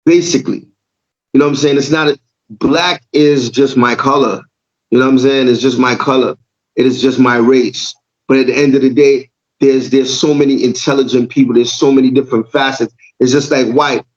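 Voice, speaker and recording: A man's voice: medium pitch, steady tone, a little fast, highs cut off. A man from Jamaica co-hosting a casual podcast, making his points with repeated words and frequent "right?" checks. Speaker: podcast co-host.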